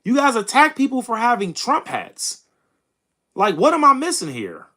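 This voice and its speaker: Here the young host of a political livestream sounds very high, pushed and bright, his pitch swooping wildly at normal speed. He reads chat and argues in a heated, mocking, combative way, saying bro and dude a lot in casual commentary.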